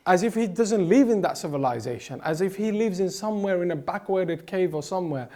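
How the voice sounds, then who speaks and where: A Middle Eastern man, appearing as an interview guest, delivers impassioned political commentary emphatically, circling back with repeated words and frequent restarts. His voice is fairly high yet dark and mellow, expressive, and fairly quick.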